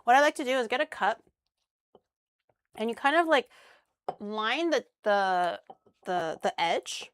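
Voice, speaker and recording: A woman's voice: a little high, sing-song, a little slow, pauses often, clean tone, no room sound. Young woman, streamer, casual cooking chat, crude humor, dry close mic. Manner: chatty, crude jokes, swears casually.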